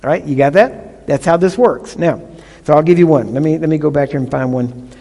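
A man preaching with a fairly high voice, leaning hard on key words and checking in with the congregation between points. His voice rings out with a long reverb, as if he is in a large church hall. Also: a little fast, gravelly, mellow. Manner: emphatic teaching with call-and-response checks. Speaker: pastor. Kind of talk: sermon.

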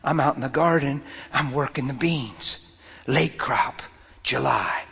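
A man preaching a sermon and telling a personal story, swinging from loud outbursts to near whispers. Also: medium pitch, a little slow, gravelly, breathy edge, long reverb tail.

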